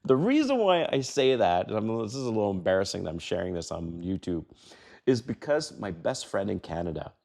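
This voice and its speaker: A man's voice: low voice, a little fast, vocal fry, darkish tone. A middle-aged man giving dating advice in a casual vlog monologue, blunt and profane, acting out other people's voices as he tells stories.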